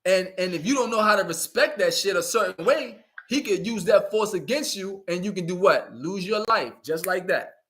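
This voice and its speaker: A man's voice: high-pitched, animated, moderate pace, hardly any pauses, a bit bright. A man giving a blunt, profane street-talk monologue, preaching to young people and often asking "you know what I'm saying". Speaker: community speaker.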